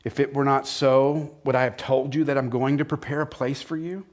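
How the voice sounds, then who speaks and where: A man, the church's pastor, preaching a conversational sermon with rhetorical questions that swings between forceful emphasis and quiet, soft passages. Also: mid-range voice, fairly even intonation, moderate pace.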